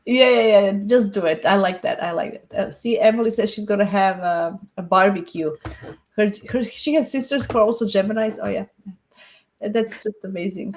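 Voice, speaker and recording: Woman host, chatty and encouraging, mid-pitched, live-stream astrology chat. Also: moderate pace. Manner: chatty, encouraging, laughs often.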